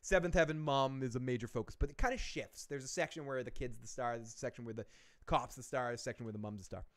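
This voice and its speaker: A man with a voice on the high side runs a live-stream movie review, animatedly retelling the plot in a rambling recap. He often backtracks to correct himself, swears, and chuckles at his own jokes.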